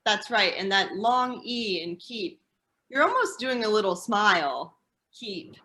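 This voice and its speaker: A woman's voice: mid-range voice, big pitch swings, unhurried, bright, forceful tone. A woman from Indiana with an American accent, explaining English pronunciation in a casual teaching chat.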